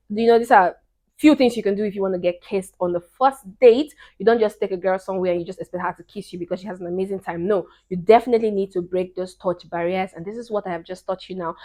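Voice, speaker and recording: Emphatic young woman giving dating advice. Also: medium pitch. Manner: emphatic, repeats key points, swings between hushed and loud. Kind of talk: casual advice talk to camera. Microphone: camera.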